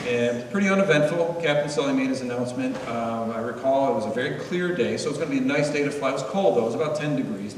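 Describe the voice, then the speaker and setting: A man's voice: medium pitch, a little hiss or hum. Middle-aged man telling a story in an echoey hall. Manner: earnest storyteller with wry humor. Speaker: guest speaker. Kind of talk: storytelling talk. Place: meeting hall. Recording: echoey hall, mic far off.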